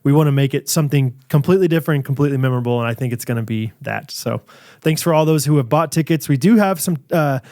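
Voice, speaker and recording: High-voiced man in casual podcast banter. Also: fast talker, warm tone, no room sound, clean studio sound. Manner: easygoing, playful banter. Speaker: podcast co-host. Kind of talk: casual chat.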